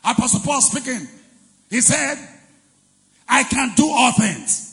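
A man preaching a sermon as pastor, leading the congregation in call-and-response and shouting and chanting his key phrases. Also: very high-pitched, lively intonation, measured pace, gravelly, big-room sound. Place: large church hall.

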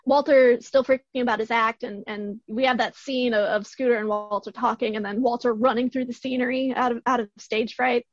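A young woman co-hosting a podcast, her voice hoarse, retelling a film's scenes in a rambling, excited way. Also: on the high side, brisk, few pauses, no echo, lo-fi sound. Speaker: podcast co-host. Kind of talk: casual chat.

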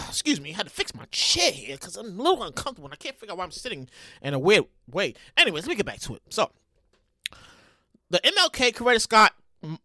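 A man hosting his own podcast, talking casually in a rambling, profane, animated way. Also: extremely high pitch, no echo, clean studio sound. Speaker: podcast host. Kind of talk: casual solo commentary.

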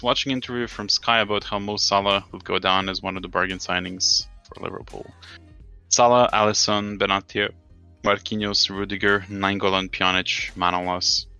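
A man's voice: on the low side, vocal fry, sharp tone. A man co-hosting a casual football podcast, ranting in an exasperated way and swearing often. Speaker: podcast co-host.

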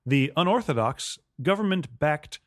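A man's voice: on the high side, animated, measured pace, dry recording, clean studio sound. Wry man reading news aloud, joking. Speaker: podcast co-host. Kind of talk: casual comedic chat, reading a news story aloud.

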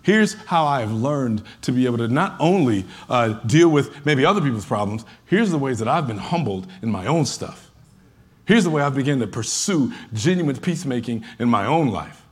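With a husky, medium-pitched voice, lively intonation, and normal speed, this man preaches as a pastor. He talks conversationally, imitates the voices of churchgoers, and sometimes builds to emphatic shouts.

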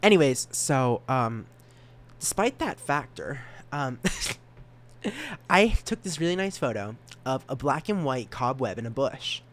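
Man, 20s, solo podcast host, casual rambling, self-mocking, stumbles and repeats words, sudden loud high bursts, middle pitch. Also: measured pace. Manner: animated jumps in pitch and volume.

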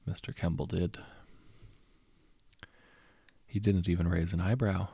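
A man reading a short story aloud as narrator, in a measured, understated storytelling manner. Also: low voice, steady tone, vocal fry, mellow, slightly rough, no room sound. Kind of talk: scripted audiobook narration.

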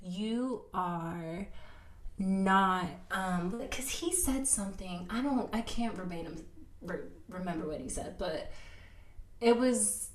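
A young woman hosts a casual podcast in a relaxed, chatty way. She tells stories animatedly and leans on fillers, and her pitch rises and falls a lot. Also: measured pace, crowd noise. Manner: animated storytelling, many fillers. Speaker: podcast host. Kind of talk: casual conversation.

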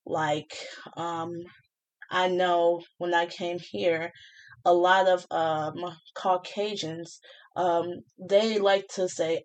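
A young woman hosting a podcast from her small apartment, talking casually with many pauses, fillers and restarts. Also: on the low side. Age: young adult. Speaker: podcast host.

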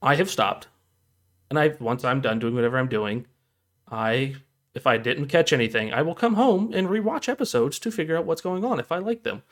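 A man at a middle pitch talks in a casual podcast chat, hesitant and full of small self-corrections. He pauses often with ums as he works out what he wants to say. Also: expressive. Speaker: podcast co-host.

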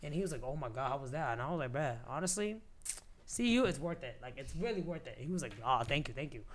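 Fast, lively New woman telling stories. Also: low-pitched, slight background noise. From New York City. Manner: slangy, profane, animated retelling with quoted dialogue. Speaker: guest. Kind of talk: casual podcast storytelling.

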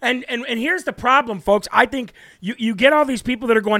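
A male political talk host with a strikingly high voice and a brash, forceful delivery. He hammers his points home in short repeated bursts, recorded dry and close with no room sound. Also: fairly quick, hardly any pauses, no echo. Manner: brash, emphatic, repeats for emphasis. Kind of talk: live political commentary.

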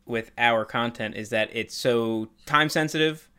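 A man's voice: mid-range voice, a little slow, pushed and bright, clean tone. A man hosting a sports podcast in casual chat, easygoing with dry humor. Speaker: podcast host.

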